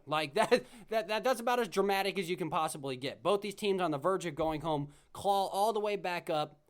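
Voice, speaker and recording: A young man hosts a solo sports podcast, rambling and chatty, often doubling back on his words. His voice sits a little high for a man. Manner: chatty, rambling, repeats himself and restarts. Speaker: podcast host.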